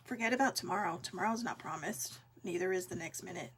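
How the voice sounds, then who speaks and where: A woman's voice: on the low side, fast talker, fairly bright tone, a little hiss or hum. A woman hosting a vlog, talking to her viewers in a casual, heartfelt way, earnest and encouraging, with many fillers. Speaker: vlog host.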